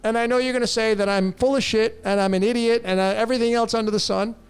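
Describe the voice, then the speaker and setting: A man's voice: sits high, fairly even intonation, fast talker, clear, resonant tone. A man hosting a numerology show who answers viewer questions in a blunt, emphatic monologue and speaks straight to his listeners.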